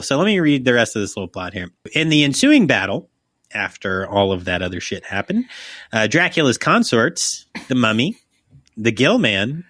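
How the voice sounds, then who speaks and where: A man's voice: lowish voice, fairly bright tone, no echo, studio quality. A young man co-hosting a podcast, chatting loosely and profanely, joking and reading a plot summary aloud. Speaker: podcast co-host.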